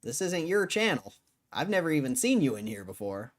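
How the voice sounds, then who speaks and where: A man's voice: on the high side, sing-song, fairly quick. A man on a live stream, arguing with his chat in a casual, cussing way, tired after hours on air. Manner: argumentative, swears, laughs between lines. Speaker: livestreamer.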